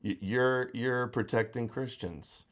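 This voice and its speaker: A man's voice: deep voice, fairly even intonation, unhurried. A man hosting a live-stream talk show, talking in a blunt, mocking, provocative way. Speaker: host.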